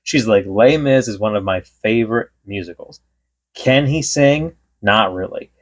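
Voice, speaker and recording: Rambling, low-voiced male podcast co-host. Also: measured pace. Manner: rambling storyteller, quotes people in bits. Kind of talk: casual chat.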